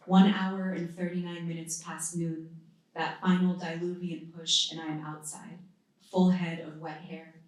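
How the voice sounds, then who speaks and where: A woman in her thirties from the United States, reading her own poetry at a live event with measured, deliberate phrasing and pauses between lines. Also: lowish voice, darkish tone. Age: 30s. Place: indoor literary event venue. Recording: very echoey room, voice from a distance.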